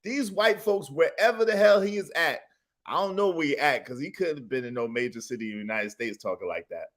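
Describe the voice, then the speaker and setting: A man's voice: fairly high pitch, expressive, fairly quick, fairly bright tone. A man hosting a comedic reaction show, laughing and asking the same incredulous questions again and again. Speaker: host reacting to clips.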